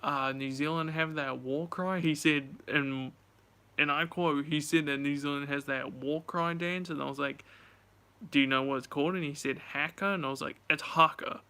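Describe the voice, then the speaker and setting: Young male vlogger, casual storytelling, fairly high, bright and clear voice. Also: fairly even intonation, moderate pace. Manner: chatty, swears, retells dialogue animatedly.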